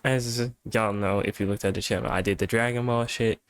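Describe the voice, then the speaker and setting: A man's voice: on the low side, fairly even intonation, a little fast, clear, resonant tone, dry recording. Tired, rambling man reacting to games. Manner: rambling, profane, laid-back. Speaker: reaction video host. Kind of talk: casual reaction commentary. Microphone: webcam setup at home.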